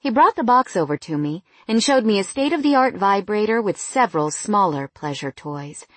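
A woman's voice: on the low side, expressive, normal speed, few pauses, dry recording. A woman narrating a first-person novel in a wry, candid tone.

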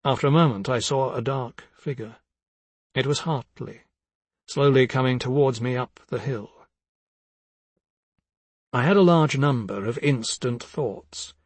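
Husky-voiced man reading a novel. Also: medium pitch, no echo. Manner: measured, reflective reading. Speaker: audiobook narrator. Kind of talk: literary audiobook narration.

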